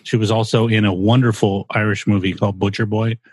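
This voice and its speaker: A man's voice: on the low side, level tone, brisk, darkish tone, dry recording. A man co-hosting a podcast, casual and blunt, voicing strong opinions with some swearing. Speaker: podcast co-host. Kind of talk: casual chat.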